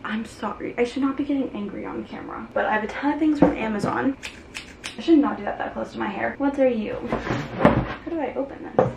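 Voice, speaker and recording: 젊은 여성 수다스럽게 투덜대는 브이로그. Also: female voice, on the high side, fast talker, creaky. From Arizona, US. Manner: chatty, venting frustration, filler-heavy. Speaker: vlogger. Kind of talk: casual vlog chat. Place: apartment and home rooms, at times in a car. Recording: faint fan and room hum.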